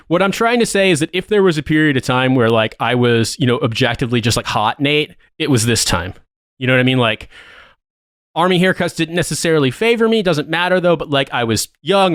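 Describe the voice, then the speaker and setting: A man's voice: fairly high pitch, a little fast, a bit bright, dry recording, studio quality. A man in his thirties co-hosting a podcast, telling a long story in casual chat, rambling and swearing, laughing often. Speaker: podcast co-host.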